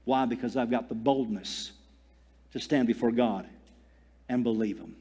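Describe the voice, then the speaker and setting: A man's voice: mid-range voice, steady tone, moderate pace, warm tone, husky. A man preaching a fervent sermon as pastor, repeating phrases and calling for amens. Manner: fervent preaching, dwells on phrases and calls for amen. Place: church. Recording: long hall reverb.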